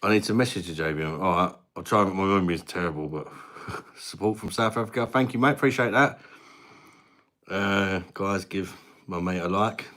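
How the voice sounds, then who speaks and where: A man's voice: deep voice, moderate pace, a bit bright. A man in his thirties from England, hosting a casual live stream at his mum's house and chatting back to viewer comments in a matey way. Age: 30s. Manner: chatty, matey, reads viewer names aloud. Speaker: livestream host.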